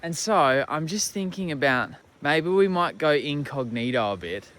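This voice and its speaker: A man's voice: on the high side, expressive, moderate pace, fairly bright tone. A young Australian man chatting casually and joking in a laid-back travel vlog. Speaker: travel vlogger. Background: background music.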